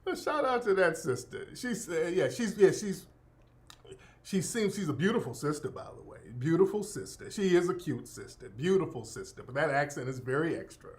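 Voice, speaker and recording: Give me a laughing, profane male host rambling through casual commentary with a fairly high, lively voice. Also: moderate pace. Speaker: radio show host.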